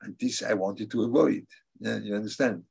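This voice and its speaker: A husky, fairly low-voiced man gives a religious class. He answers students' questions thoughtfully and haltingly, coming back to key phrases again and again to press them home. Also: a little mellow. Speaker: religious teacher.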